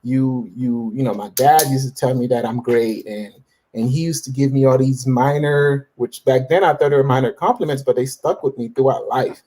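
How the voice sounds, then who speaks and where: With a medium-pitched, dark voice at a moderate pace, a man in his forties appears as an interview guest. He shares his faith story casually and with self-assured conviction, often restarting and filling pauses.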